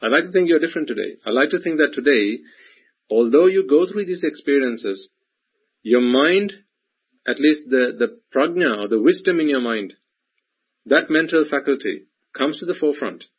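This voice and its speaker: Husky male Buddhist teacher giving a dharma talk, mid-pitched, many rhetorical questions. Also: lively intonation, moderate pace. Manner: repetitive, full of rhetorical questions. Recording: dull lo-fi recording.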